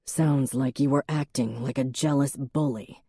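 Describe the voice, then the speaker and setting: A man's voice: mid-range voice, fairly even intonation, unhurried, warm tone, breathy edge, no room sound, studio quality. A woman reading an audiobook, voicing a blunt young man who speaks in cold, clipped anger.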